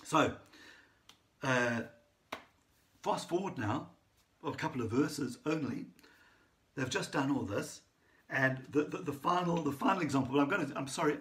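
Male preacher, mid-pitched, keen storyteller who restarts often and checks in with "right?". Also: fairly bright tone. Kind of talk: sermon.

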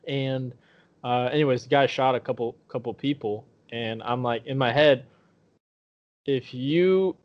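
A man's voice: mid-range voice, a little slow. A man co-hosting a podcast, telling a profane story and acting out the voices of the people in it. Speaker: podcast co-host. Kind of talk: casual storytelling chat. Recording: dull lo-fi podcast audio.

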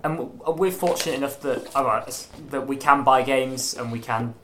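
A man co-hosting a podcast speaks earnestly in a mid-range voice. He talks haltingly and restarts his sentences now and then, with a faint hiss of noise under the recording. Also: medium pitch, fairly bright tone. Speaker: podcast co-host. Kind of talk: casual chat.

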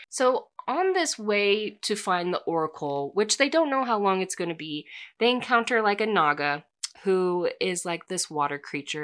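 A woman's voice: lowish voice, fairly bright tone. Casual woman recapping a story. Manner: filler-heavy, lots of "like".

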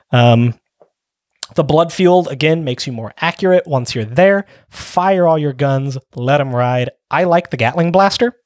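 This podcast co-host has a fairly high-pitched voice, captured dry with studio quality. He talks through tabletop game rules step by step on a casual show, dropping frequent ums.

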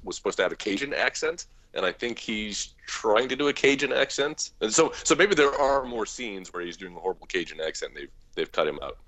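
A man's voice: fairly low pitch, expressive, brisk, few pauses, a bit bright, no room sound. A man joining a casual movie review podcast over a video call, talking over others with sardonic jokes.

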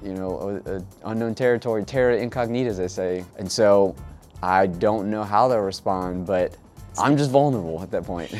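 Hesitant, reflective man, lowish voice. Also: moderate pace, darkish tone, soft background music. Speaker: podcast guest. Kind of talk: casual chat.

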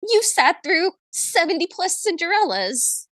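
A young woman co-hosting a casual podcast, talking in a high, bright voice and recapping a film with lively energy. She keeps slipping into quoted lines as she goes, and her voice sounds close and dry. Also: unhurried, no room sound. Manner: animated, acts out quoted lines. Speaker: podcast co-host.

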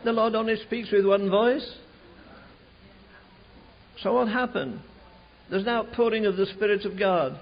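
An older man preaching a storytelling sermon, fervent and building to shouted climaxes, with a husky voice. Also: high-pitched, measured pace, long pauses. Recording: dull lo-fi archive recording.

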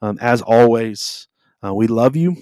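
A man co-hosting a faith podcast, talking in a relaxed, rambling way with many filler words. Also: medium pitch, measured pace, no room sound, studio quality. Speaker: podcast co-host. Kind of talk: casual faith podcast talk. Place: at home on a video call.

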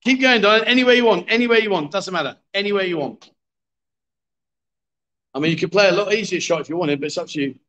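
A middle-aged man runs a live stream from a bar, coaxing the players and teasing them in a chatty, joking way. His voice sits fairly high for a man. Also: fast talker, pauses often, fairly bright tone, highs cut off, slight background noise. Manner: jokey, coaxing, chatty with viewers. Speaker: livestream host. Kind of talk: live-streamed pool game commentary. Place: bar with a pool table.

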